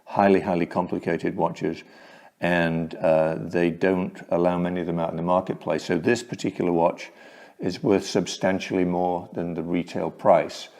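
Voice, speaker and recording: A man showing his watch collection on a casual vlog, talking slowly and hesitantly with many pauses and ums. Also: deep voice, level tone, darkish tone. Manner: slow, hesitant, full of ums. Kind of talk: casual show-and-tell vlog.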